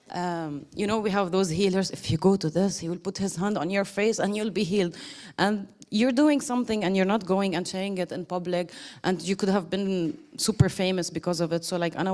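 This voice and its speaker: A woman's voice: fairly low pitch, darkish tone. A woman giving a casual, emotional thank-you speech to a group, laughing often and quoting others.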